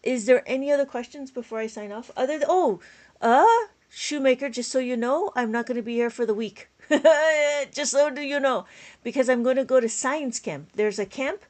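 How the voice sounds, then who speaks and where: A woman's voice: sits high, moderate pace, a little mellow. A tired woman with a school-age child, teaching an abacus math lesson on a live stream, chatty and laughing often as she counts steps aloud. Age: adult with a school-age child. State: tired, yawning.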